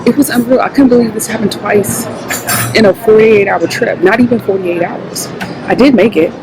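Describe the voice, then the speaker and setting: A woman vlogging to camera in casual chat, animated and slangy. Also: mid-range voice, normal speed, noisy background. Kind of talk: casual vlog talk to camera.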